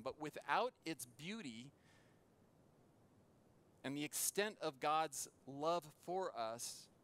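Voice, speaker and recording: A man preaching a sermon in a church as pastor, earnest and with dramatic pauses. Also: on the high side, fairly bright tone.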